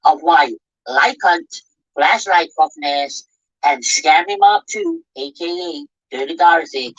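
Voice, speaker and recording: A woman's voice: deep voice, takes it slowly, no echo. Combative Scottish woman ranting. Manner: swearing, combative, lively. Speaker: channel host. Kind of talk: angry commentary rant. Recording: dull lo-fi dry audio.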